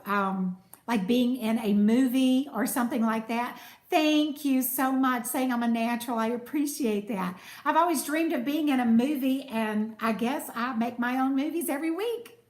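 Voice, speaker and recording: Chatty high-voiced woman live-streaming. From United States. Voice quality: soothing voice. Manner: chatty, warm thanks to viewers, reads comments aloud. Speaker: cooking channel host. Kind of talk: casual live-stream chat. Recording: echoey room.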